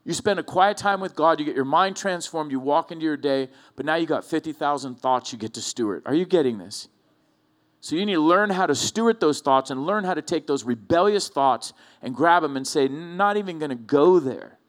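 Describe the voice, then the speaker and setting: A man's voice: fairly high pitch, expressive, a little fast. A man preaching a sermon as pastor, talking conversationally and checking in with rhetorical questions to the room. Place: church hall.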